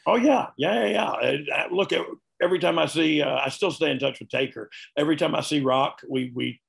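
A man's voice: on the high side, a little fast, creaky. A man, talking candidly and earnestly as an interview guest. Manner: earnest, folksy, frequent "you know what I mean". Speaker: guest, retired wrestler.

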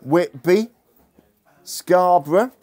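A man's voice: high-pitched, very slow, darkish tone. A man lecturing as a historian to an audience, humorous and chatty, bantering with the room. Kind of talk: lecture with jokey asides.

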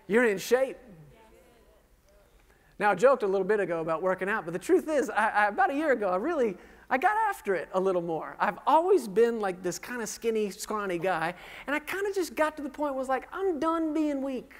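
A pastor in his thirties speaks at a quick pace in an expressive, high voice. Preaching in a reverberant church sanctuary, he fires questions at the congregation and makes himself the butt of his jokes.

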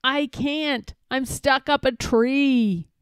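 Brief: a high, calling prankster elephant, read by a woman in a picture book. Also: drawn-out words, smooth, no room sound, clean studio sound. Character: mischievous male elephant cousin, prankster.

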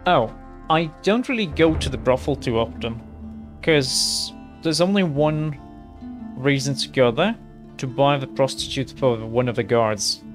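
A young man casually commenting on his gameplay in a chatty, rambling, low-key way. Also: a little slow, soft background music. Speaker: let's play host.

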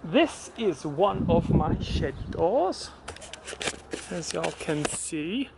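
A man with a fairly high voice swoops up and down as he plays at being posh in a hammy mock British accent. His outdoor phone video has a lot of background noise. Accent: exaggerated mock British put on by an American. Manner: playful, theatrical, mock-posh. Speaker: family vlog host. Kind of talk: casual family vlog chat. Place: outdoors in a backyard.

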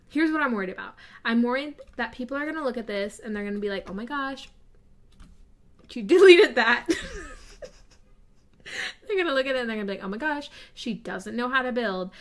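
A young woman giving casual, self-deprecating commentary while building in a game, nervous and giggly. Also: fairly high pitch. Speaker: gaming YouTuber. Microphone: desk mic with face cam.

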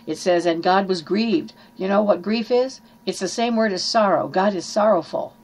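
A woman's voice: mid-range voice, normal speed. A woman preaching a sermon in an earnest teaching manner, reading scripture aloud and explaining it.

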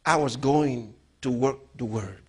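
A middle-aged man preaching a sermon as a pastor, emphatic, moving between loud outbursts and low, quiet storytelling. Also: measured pace, slightly rough.

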